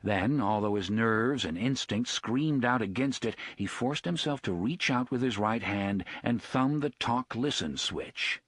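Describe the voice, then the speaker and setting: Man reading an audiobook, husky voice, lively pitch, dry close mic. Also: a little slow, hardly any pauses, dry recording. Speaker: audiobook narrator. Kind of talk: scripted narration.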